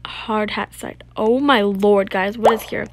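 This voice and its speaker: Excitable gaming vlogger with a gravelly edge. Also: female voice, mid-range voice, unhurried, no room sound. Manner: excitable, gushing, frequent exclamations; reads on-screen game text aloud. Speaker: gaming YouTuber. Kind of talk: casual gameplay commentary.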